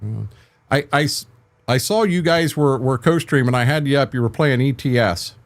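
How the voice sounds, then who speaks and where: An older man talks to his livestream viewers from a home gaming desk, his voice at an ordinary middle pitch. He rambles and restarts his words often. He greets chatters by name, close to the microphone. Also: moderate pace. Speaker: game streamer. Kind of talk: casual livestream chat with viewers.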